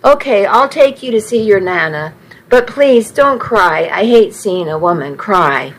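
A woman voicing a polite, kind young man who talks in a gentle, reassuring way. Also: medium pitch, animated, a little slow, rough recording. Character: young man, kindly, polite stranger driver.

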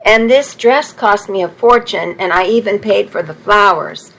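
A woman's voice: mid-range voice, moderate pace, vocal fry, fairly bright tone, poor audio. A woman voicing a tearful young bride who was jilted at the church, in a pleading manner. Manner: weepy, pleading.

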